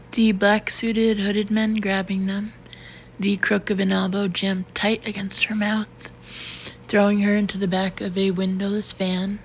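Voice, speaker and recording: A woman reading a thriller audiobook in a steady, even narration. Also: mid-range voice, gravelly. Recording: dull, slightly noisy recording.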